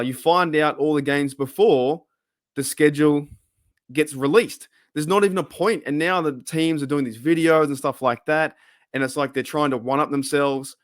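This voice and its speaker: A man's voice: medium pitch, no room sound, studio quality. A young Australian man hosting a fan channel, chatting casually with lots of restarts and fillers. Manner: rambling, many restarts and fillers. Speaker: host of a football fan channel. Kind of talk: casual chat.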